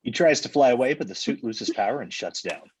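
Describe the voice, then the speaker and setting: A man reading the stage directions deadpan in a live comedy table read. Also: mid-range voice, a little fast, husky, poor audio.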